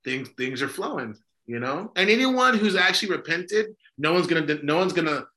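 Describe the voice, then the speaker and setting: A bright, clear-toned man talks as a priest in a relaxed faith discussion. He is emphatic and a little preachy, circling back with fillers and restarts. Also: on the high side, moderate pace. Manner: emphatic, preachy, self-interrupting with many fillers. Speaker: Orthodox priest and podcast host. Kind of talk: casual religious discussion.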